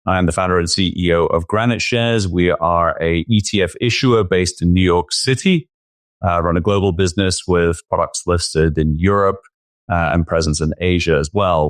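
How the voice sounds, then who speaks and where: A man co-hosting a finance podcast, introducing himself and asking measured questions with some hesitation. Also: deep voice, dry recording, studio quality. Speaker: podcast co-host, company founder. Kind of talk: podcast interview.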